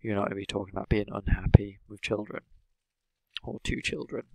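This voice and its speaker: A male English teacher talking through a lesson in a measured, steady, explanatory way. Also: fairly low pitch, vocal fry, no room sound, rough recording.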